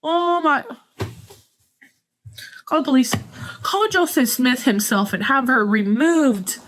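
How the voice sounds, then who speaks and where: A woman's voice: high voice, animated, unhurried, fairly bright tone. A woman with a Mexican-American accent hosting a podcast, telling gossipy stories in casual chat, blunt, sarcastic and full of swearing. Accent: Mexican-American English with Spanish phrases. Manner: candid, profane, gossipy, sarcastic. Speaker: podcast host.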